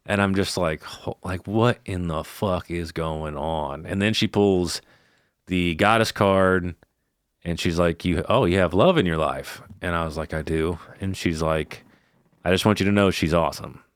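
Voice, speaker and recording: A man co-hosting a podcast, retelling a story in a casual, profane, animated way with quoted dialogue. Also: low-pitched, moderate pace, smooth, no room sound, studio quality. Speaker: podcast co-host. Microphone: podcast microphone.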